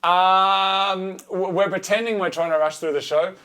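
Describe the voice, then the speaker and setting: A man with a slightly higher-than-average voice trades dry jokes with his co-host on a car podcast. He talks casually, stalling often on uh and um. His humor stays deadpan and understated. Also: unhurried, a loud crowd. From Australia. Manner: dry, joking, lots of uh and um fillers. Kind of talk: casual banter.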